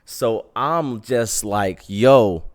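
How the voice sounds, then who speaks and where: A man's voice: mid-range voice, normal speed, clear, resonant tone. A young man hosting a podcast, telling a story in a casual, slangy way and acting out the quotes. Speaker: podcast host.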